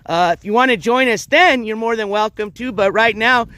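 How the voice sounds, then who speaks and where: High-voiced man streaming an outdoor walk. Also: moderate pace, pushed and bright. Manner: chatty, coaxing his dogs in a raised voice. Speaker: livestream host. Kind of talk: casual outdoor livestream walk and talk. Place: outdoors in a dry riverbed. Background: dogs moving about outdoors.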